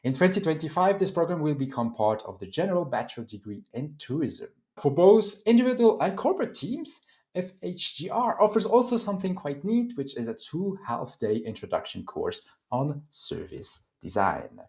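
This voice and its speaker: A man with a French accent hosting an online panel, introducing guests with lively, filler-laden delivery. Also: a little high, moderate pace. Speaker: host and moderator.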